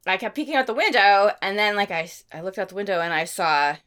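Woman co-host, bright and high, very lively intonation; chatty, laughing, full of "like" and "you know.". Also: quick pace, clear, resonant tone. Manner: animated storyteller who laughs often and acts out bits; frequent fillers like "like" and "you know". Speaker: podcast co-host. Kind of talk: casual chat.

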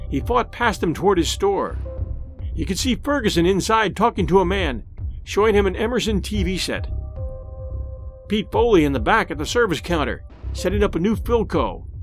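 Male horror narrator, high and animated, dramatic reading over faint music. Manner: dramatic, suspenseful. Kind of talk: audiobook narration.

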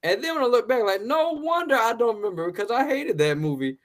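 A man's voice: very high-pitched, expressive, quick pace. A man hosting a casual movie review podcast, talking bluntly with a lot of swearing, laughing, and repeated words. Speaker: podcast host.

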